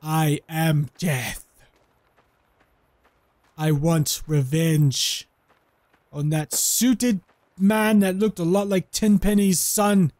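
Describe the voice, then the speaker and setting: Man doing a grandiose wasteland avenger: pompous, put-on accent, high and slow, menacing. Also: steady tone, a little mellow, dry recording. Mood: vengeful. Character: grandiose vengeful male wasteland wanderer, menacing, theatrical. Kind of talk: let's play role-play voice.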